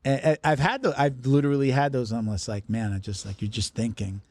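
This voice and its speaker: Chatty 50s guy hosting a podcast, joking around, medium pitch, dead dry mic. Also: a little fast, darkish tone, no room sound. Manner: chatty joker. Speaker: podcast host. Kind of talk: casual chat.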